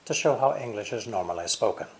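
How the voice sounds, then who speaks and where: An American man teaching English pronunciation, explaining clearly with deliberate, exaggerated stress. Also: lowish voice, expressive. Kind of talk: language lesson explanation.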